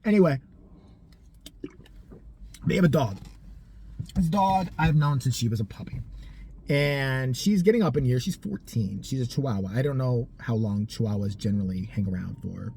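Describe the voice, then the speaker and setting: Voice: mid-range voice, normal speed, vocal fry, pauses often, a little hiss or hum. A tired person in their thirties telling a rambling, profane story in a casual vlog. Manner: profane, animated, tangent-prone. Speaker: storytime vlogger.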